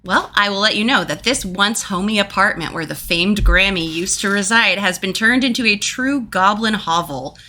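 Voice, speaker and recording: A woman's voice: mid-range voice, moderate pace, hardly any pauses, pushed and bright, slight background noise. A woman running a tabletop game as game master, narrating casually and playfully and swearing freely.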